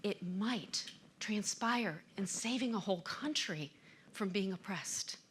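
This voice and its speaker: A woman's voice: medium pitch, expressive, slow pace, fairly bright tone, breathy edge. A middle-aged woman giving an inspirational stage talk, telling stories dramatically with emphatic swells. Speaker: motivational speaker.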